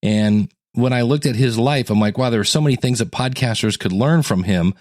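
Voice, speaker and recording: A man hosting a teaching podcast in a casual, conversational way, acting out quotes with sudden jumps in pitch. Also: a little fast, a little mellow, dry recording, clean studio sound. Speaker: podcast coach and host.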